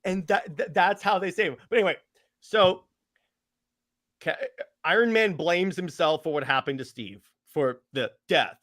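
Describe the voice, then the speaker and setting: A man co-hosting a podcast, excitedly retelling comic storylines with lots of stammers and restarts, acting out the characters' quotes. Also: sits high, moderate pace, pauses often, no echo, clean studio sound. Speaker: podcast co-host. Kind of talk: casual comics chat.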